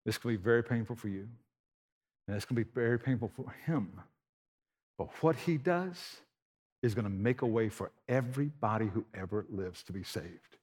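Brief: preacher doing an elderly prophet, grave and tender, quiet delivery. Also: male voice, lowish voice, animated, moderate pace, slightly rough, pitched below the performer's own voice. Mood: solemn. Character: aged male prophet, solemn and tender.

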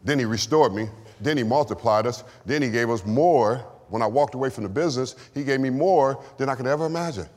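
A man's voice: mid-range voice, brisk, few pauses, a little mellow. A man preaching a sermon and giving testimony, with call-and-response lines to the congregation. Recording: long hall reverb.

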